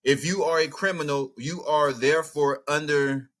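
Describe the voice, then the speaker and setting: A man's voice: a little high, normal speed. A man hosting a casual, outspoken reaction commentary, thinking aloud as he looks things up and reads passages. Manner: animated, outspoken, thinks aloud while browsing maps and texts. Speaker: commentary channel host.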